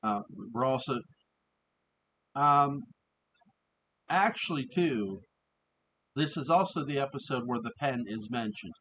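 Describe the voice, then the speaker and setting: A man giving a casual, rambling review of an old TV episode. He often restarts, fills pauses and laughs as he talks. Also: mid-range voice, animated, a bit bright, poor audio.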